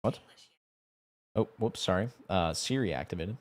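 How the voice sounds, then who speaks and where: A man's voice: sits low, moderate pace. A young man talking casually on a live stream, rambling and stumbling over his words. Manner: rambling, stumbling, laughing often.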